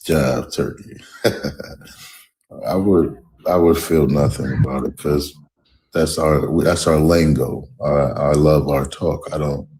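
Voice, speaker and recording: A man calling into a live stream show, speaking slowly and deliberately in a self-consciously proper way. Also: rumbling low, steady tone, warm tone, low-quality recording. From United States. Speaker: caller. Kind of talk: casual live-stream call.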